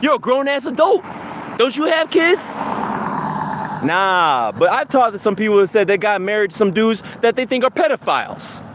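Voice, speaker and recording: A heated, profane man ranting into his phone as he walks a city street. His voice sits high and he hammers points with repetition. A faint hum of traffic sits under him. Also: very animated, normal speed. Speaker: livestream host. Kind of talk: angry street rant. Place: outdoors, walking down a city street.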